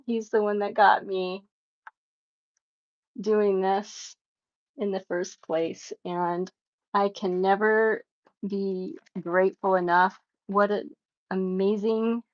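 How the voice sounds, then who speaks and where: On lo-fi sound, a middle-aged woman with a mid-range voice runs a live painting stream. Warm and emotional, she laughs frequently, chats easily with her audience, and reads their chat messages aloud.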